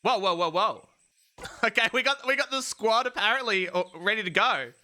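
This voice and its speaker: A man casually commenting on a game he plays for the first time, rambling excitedly and laughing often. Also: sits high, moderate pace. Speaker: gameplay streamer. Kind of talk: casual let's-play commentary. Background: game music.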